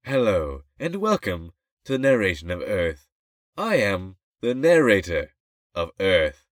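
A pompous old documentary narrator with a put-on British accent, as a man puts him on. He speaks in a grand, measured way and fills every line with mock gravity. The sound is dry and close, with no room around it. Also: low-pitched, huge pitch swings, dry recording, full character voice. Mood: grandiose. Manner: overblown mock documentary delivery. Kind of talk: joking podcast banter.

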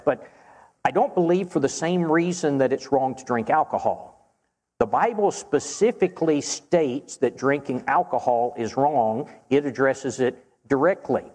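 A man preaching and answering Bible questions in an earnest, measured way, slowing down to stress key phrases. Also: medium pitch, a little mellow. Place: church auditorium. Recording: long reverb of a church hall.

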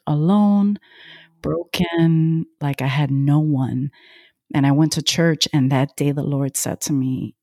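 A woman's voice: low voice, slow pace, dry recording, studio quality. A woman interviewing a guest about faith, encouraging her and answering with amens and stories of her own. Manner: warm encouraging, affirms with amens.

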